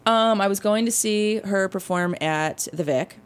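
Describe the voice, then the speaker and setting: A woman, a guest musician chatting bluntly and excitably, cursing casually as she tells stories. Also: mid-range voice, measured pace, clear, resonant tone. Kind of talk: casual chat.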